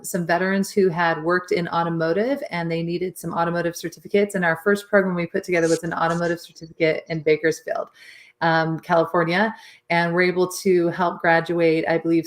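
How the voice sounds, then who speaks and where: A woman speaking as an interview guest with a somewhat low voice. She explains her work earnestly and conversationally, in long, steady answers. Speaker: interview guest, nonprofit founder.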